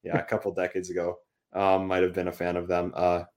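A man's voice: deep voice, completely flat delivery, brisk, a little mellow. A young Canadian man in casual chat, rambling with many fillers and restarts, and laughing often.

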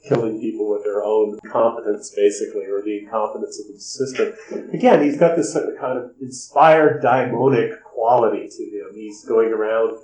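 A man recapping and analyzing a film's scenes at length, in a discursive way with frequent pauses. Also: medium pitch, darkish tone. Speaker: film commentator. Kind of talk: spoken film analysis and recap. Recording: roomy echo.

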